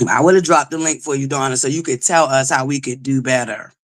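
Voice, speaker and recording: A woman hosting a livestream, loud and belligerent, who swears nonstop while greeting viewers and pushing for likes. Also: extremely low pitch, fairly quick. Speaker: livestream host. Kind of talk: profane live-chat commentary.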